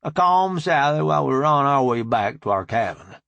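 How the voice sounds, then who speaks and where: A man's voice: mid-range voice, animated, brisk, creaky, fairly bright tone, dry recording, dull audio. A man narrating a first-person audiobook in an easygoing, matter-of-fact way, close to the mic.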